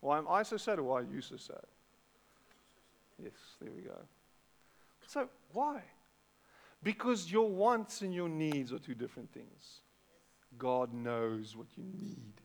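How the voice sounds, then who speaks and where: A middle-aged man with a South African accent, preaching a sermon in a conversational way, repeating words and breaking into animated bursts. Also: fairly high pitch, unhurried, gravelly, pauses often. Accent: South African English. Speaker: pastor. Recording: long hall reverb.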